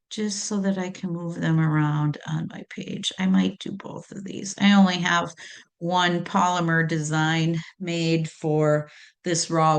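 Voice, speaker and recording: A woman's voice: lowish voice, gravelly. A woman hosting a crafting tutorial who explains each step and setting methodically as she works.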